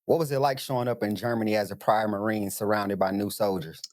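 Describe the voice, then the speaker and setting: A male podcast host asking brief, measured interview questions. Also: fairly low pitch, fairly even intonation, darkish tone, no room sound, studio quality.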